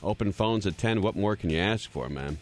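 A man co-hosting a live call-in radio show, telling stories with lively acted-out voices. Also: low voice, normal speed, soft background music. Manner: lively storyteller, acts out the people in his stories. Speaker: radio co-host.

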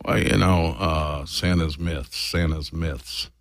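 A man playing a crude, boozy Santa in a comedy bit, talking in a slow drawl with a low rumbling laugh and singing dirty carols to guitar. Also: fairly even intonation, no room sound, clean studio sound, heavily acted. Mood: sleazy, boastful.

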